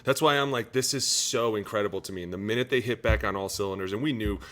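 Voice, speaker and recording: A man, a former pro lineman co-hosting a sports podcast, talking in an animated, profane, casual way and acting out other people's voices. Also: lowish voice, fast. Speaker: former NFL offensive lineman, podcast co-host.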